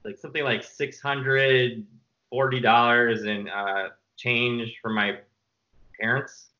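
A filmmaker guest in a casual interview tells long, rambling stories packed with fillers. He's an animated storyteller with a medium-pitched voice who takes his time, and the audio sounds dull.

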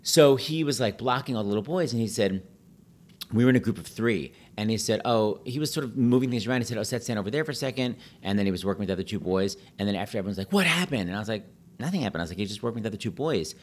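A quick-talking middle-aged man with a fairly low voice, chatting casually. He tells his stories with lots of energy and jumps up into high, put-on voices to quote people. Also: darkish tone. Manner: talks fast, breaks into high put-on voices when quoting people. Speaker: podcast guest, pianist and Broadway host. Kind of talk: casual chat, animated storytelling.

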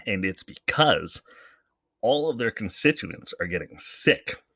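A man's voice: lowish voice, animated, a little slow, creaky, pushed and bright, no echo, clean studio sound. A man hosting a podcast, giving casual, rambling commentary in a sarcastic, profane way. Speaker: podcast host.

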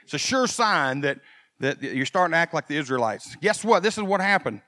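A male pastor preaching a sermon, animated and swinging from quiet folksy asides to loud emphasis. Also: fairly high pitch, a little fast, no echo, studio quality.

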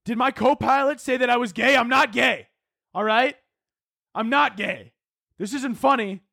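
A man voicing an angry, insecure male airline pilot who rants in a high, defensive, shouting voice. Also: sing-song, slow, dry recording, clean studio sound. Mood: indignant.

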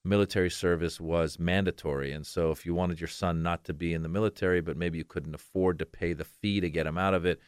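A man in his forties tells stories in a relaxed interview, slipping into voices for the people in them. His low voice comes through smooth and resonant. The recording is dry and close. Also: quick pace, hardly any pauses, dry recording. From Iran. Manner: animated, acts out voices in anecdotes. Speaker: guest comedian. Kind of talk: casual interview storytelling.

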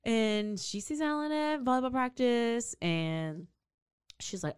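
A woman's voice: on the high side, slow pace, clear, resonant tone, no room sound, studio quality. A woman co-hosting a podcast, telling a true-crime story casually and acting out the people in it. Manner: animated, acts out characters with big swings in voice. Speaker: podcast co-host.

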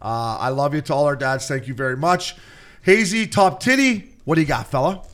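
Fast-talking guy telling locker room stories on a podcast, swears a ton. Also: mid-range voice. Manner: rapid, profane, storytelling. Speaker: podcast co-host. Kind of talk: casual storytelling and banter.

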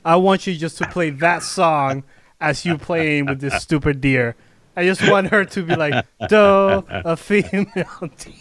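A man's voice: on the high side, unhurried, fairly bright tone, no echo. A man co-hosting a casual chat, talking in an emphatic, mocking way. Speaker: podcast co-host.

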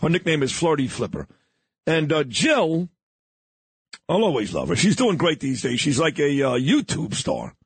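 A man's voice: a little high, wildly swooping pitch, moderate pace, breathy edge, dry recording. A man with a New York accent hosting a morning radio show, bantering in a brash, boastful, joking way. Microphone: studio microphone.

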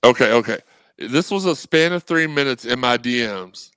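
On a casual sports podcast, a guest co-host chats in an animated, rambling way, breaking into quick impressions of anxious fans and acting out their messages as he tells stories. His mid-range voice is smooth and resonant. The rough recording is close and dry, with no room sound at all.

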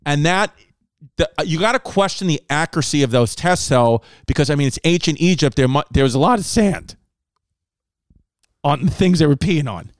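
A man hosting a comedy podcast, riffing crudely and loudly with lots of swearing and sudden put-on voices for others. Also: fairly high pitch, normal speed, no room sound. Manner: loud, brash, swears a lot, animated voices for others.

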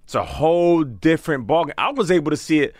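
A man telling stories as a podcast guest in a studio, animated and acting out the voices of the people he quotes. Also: on the high side, quick pace, dry recording. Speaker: podcast guest, former football player. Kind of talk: casual storytelling.

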